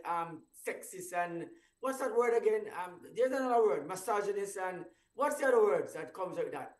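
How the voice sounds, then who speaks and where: Hosting a breakfast radio show, a man chats casually, rambling, restarting sentences, and chuckling at his own stories. His voice is high-pitched and a little mellow, sounding far from the mic in a roomy echo.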